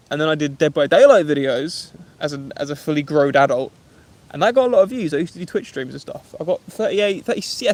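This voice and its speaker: A friendly young man with an Essex English accent talks casually on a live stream, greeting viewers by name. His voice sits a touch high for a man. He speaks outdoors from a woodland campsite. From England. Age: 20s. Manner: chatty, friendly, reads viewer names aloud. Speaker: vlogger. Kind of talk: live-stream chat, reading comments.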